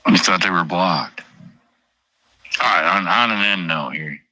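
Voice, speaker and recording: A middle-aged man hosts a livestream in a low, slightly slow voice with a sharp edge and no echo. He rambles, swears casually, and reads chat names aloud.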